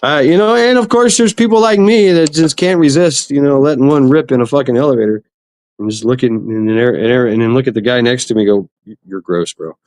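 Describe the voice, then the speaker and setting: A man's voice: medium pitch, quick pace, a little mellow, dry recording. A man hosting a casual livestream, rambling and swearing as he greets chat viewers. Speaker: livestream host. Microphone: computer mic for online stream.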